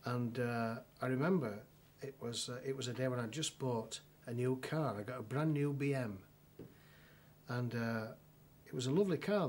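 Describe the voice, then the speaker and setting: A man's voice: medium pitch, slight background noise. Dry-humoured northern English man telling a story. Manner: dry storytelling with frequent restarts and fillers. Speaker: solicitor telling an anecdote. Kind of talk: documentary interview anecdote.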